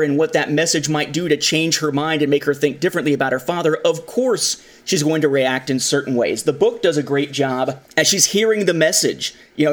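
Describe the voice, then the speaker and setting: A man hosting a casual film discussion, talking with animation and acting out the lines he quotes. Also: fairly high pitch. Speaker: podcast host.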